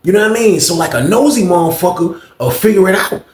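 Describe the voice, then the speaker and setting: A man's voice: high voice, fast talker. A man telling a profane story casually, acting out the scene in an echoey room. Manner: animated, profane, acts out the scene.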